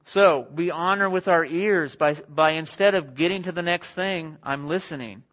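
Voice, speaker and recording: A man's voice: on the high side, a bit bright. Young male pastor, conversational sermon, lo-fi. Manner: conversational, self-deprecating, with quick acted-out quotes. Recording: dull lo-fi sound.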